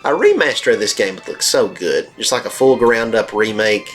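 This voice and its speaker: A man's voice: lowish voice, animated, normal speed, fairly bright tone. Joking man narrating gameplay over faint music. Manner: rambling and jokey, with frequent fillers. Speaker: let's play host. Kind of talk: casual gameplay commentary. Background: faint game music.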